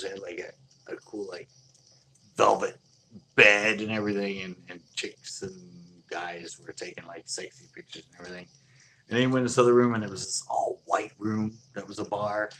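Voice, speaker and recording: A man's voice: lowish voice, fairly bright tone, a little hiss or hum. A man telling a long casual anecdote, rambling with many fillers and chuckling as he goes. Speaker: storyteller.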